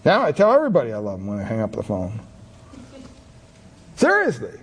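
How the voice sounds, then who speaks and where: A middle-aged pastor preaches briskly in a husky, medium-pitched voice whose pitch swoops wildly. He shares honest, self-deprecating stories about himself, chatty and full of fillers like "you know."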